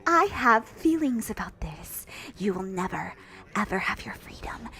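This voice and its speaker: A woman voicing a menacing witch in a high, sing-song voice that drops to a whisper. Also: big pitch swings, unhurried, bright, forceful tone, breathy edge, exaggerated voice.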